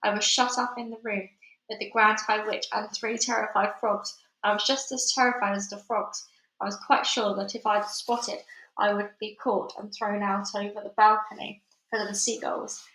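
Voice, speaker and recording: A woman's voice: medium pitch, level tone, normal speed, a bit bright. A woman reading a children's novel aloud, then signing off in a chatty way to her listeners. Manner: chatty, informal sign-off. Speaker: storybook reader. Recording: echoey room.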